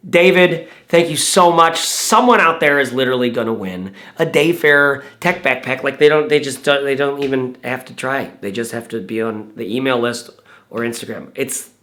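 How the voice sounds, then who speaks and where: A man reviewing backpacks in a casual, excitable vlog, rambling with lots of fillers. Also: mid-range voice, moderate pace. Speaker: YouTube bag reviewer. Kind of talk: casual enthusiastic vlog talk.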